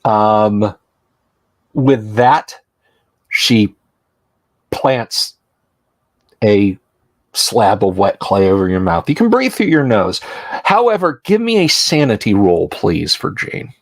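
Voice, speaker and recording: A man running a tabletop horror game, narrating slowly and deliberately with fillers. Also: on the low side, big pitch swings, dry recording. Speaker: game master.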